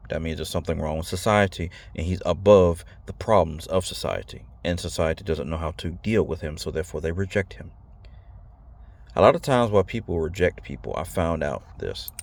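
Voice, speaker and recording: A man's voice: low-pitched, creaky. A man giving a blunt, rambling casual talk to his viewers, slangy and repeating himself. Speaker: video host. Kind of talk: casual direct-to-camera talk.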